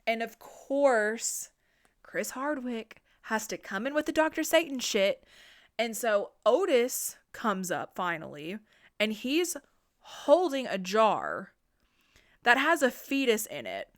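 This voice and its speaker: A woman podcast host giving a casual, animated, profane recap of a horror movie. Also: a little high, takes it slowly.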